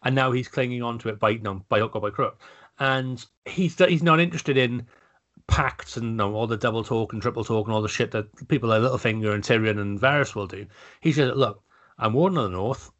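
A man's voice: medium pitch, fairly quick, a bit bright. A man co-hosting a podcast, talking bluntly about a TV show with frequent restarts and casual swearing. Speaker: podcast co-host. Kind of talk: casual chat reviewing a TV episode.

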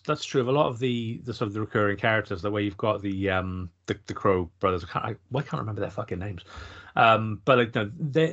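A man's voice: on the low side, a bit bright. Middle-aged man, rambling podcast chat. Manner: thoughtful, meandering, frequent restarts. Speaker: podcast co-host. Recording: dull lo-fi podcast audio.

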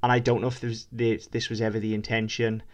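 A man co-hosting a podcast, talking quickly in casual chat with many ums and restarts. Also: on the low side, level tone. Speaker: podcast co-host.

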